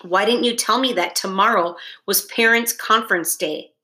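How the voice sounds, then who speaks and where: A woman voicing a calm, questioning mother in a read-aloud storybook, asking probing questions. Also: mid-range voice, moderate pace, lightly acted.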